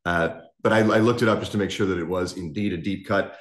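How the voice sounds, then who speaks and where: A man's voice: deep voice, fairly even intonation, fast, reverberant. A man co-hosting a podcast, chatting about music in a rambling, enthusiastic way with many restarts. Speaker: podcast co-host. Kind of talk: casual chat about music.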